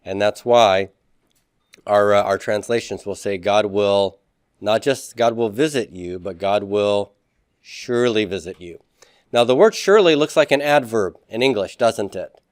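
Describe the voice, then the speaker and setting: A man teaching a recorded grammar lecture, explaining step by step, spelling out Hebrew words slowly and often asking "okay?" to check in. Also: on the low side, no room sound, clean studio sound.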